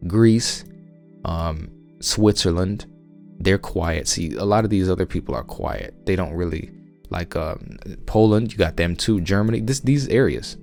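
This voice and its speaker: Southern US man, very low voice, insistent podcast preacher, faint music behind. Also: animated, measured pace, creaky, a little mellow. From United States. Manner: emphatic, insistent, frequent restarts. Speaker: religious podcast host. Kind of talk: conversational Bible teaching.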